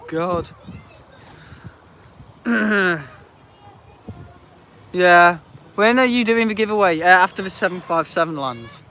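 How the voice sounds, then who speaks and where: A man with a fairly high-pitched voice talks loosely into a tablet while streaming outdoors. He rambles and laughs often between remarks. Faint outdoor traffic noise sits under his voice. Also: a bit bright. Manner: rambling, chatty, laughs often, reads out chat. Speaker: planespotting livestreamer. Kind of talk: casual live-stream chat. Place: outdoors at an airport viewing park in the rain. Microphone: handheld tablet.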